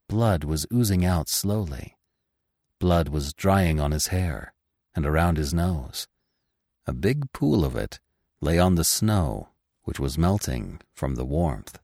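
A man narrating a classic novel in a measured, expressive storytelling voice. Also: a bass voice, creaky, husky, no room sound, clean studio sound.

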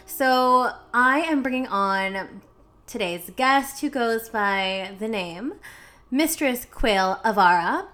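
Woman podcast host, from Canada, bubbly casual chat, frequent laughs, slightly high voice. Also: expressive, slow, a bit bright.

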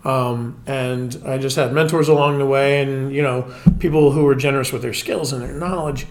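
Man in his forties, casual, self-deprecating storyteller, mid pitch. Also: steady tone, normal speed. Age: 40s. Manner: chatty anecdotal storyteller, self-mocking. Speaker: podcast guest, spirits brand manager.

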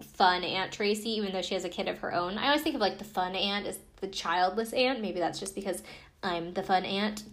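A woman's voice: mid-range voice, a bit bright. A woman casually recapping a reality TV episode, chatty and profane, with lots of fillers and asides. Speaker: podcast recapper.

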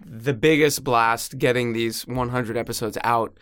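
Mid-pitched man chatting casually. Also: fairly even intonation, unhurried, fairly bright tone, smooth, dry recording, studio quality. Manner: laughs often, brief affirmations. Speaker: podcast co-host. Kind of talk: casual podcast chat.

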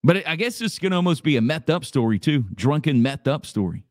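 A man's voice: fairly high pitch, big pitch swings, fairly quick, no room sound, clean studio sound. A man hosting a radio show, chatting casually in a rambling, jokey way. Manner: rambling, jokey, repeats himself.

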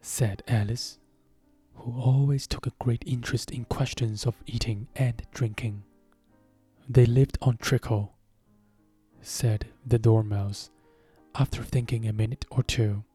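Slow, dark-voiced man reading a story. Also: medium pitch, steady tone, slightly rough, soft background music. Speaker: narrator.

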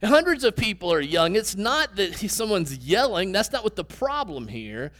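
Male preacher, high voice, conversational teaching delivery with questions to the congregation. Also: big pitch swings, moderate pace, fairly bright tone. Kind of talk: sermon.

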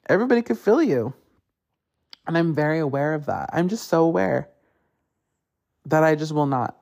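Male podcast host, casual profane storyteller, fry in the voice, plays out other people's lines. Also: a little high, darkish tone. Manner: acts out others in quotes. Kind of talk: casual solo rant.

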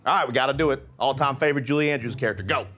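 An actor playing a chipper male morning radio host with brisk, upbeat banter. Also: mid-range voice, a bit bright, soft background music, close to an everyday voice. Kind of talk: TV comedy dialogue.

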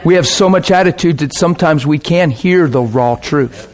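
A preacher with a voice on the high side tells a story at a moderate pace. His delivery is folksy and animated, and he slips into character for each quoted person.

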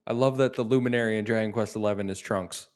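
A man's voice: fairly low pitch, fairly even intonation, fast, darkish tone. A man hosting a gaming podcast, casual and blunt, giving frank opinions with a joking edge. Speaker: podcast host. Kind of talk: casual chat.

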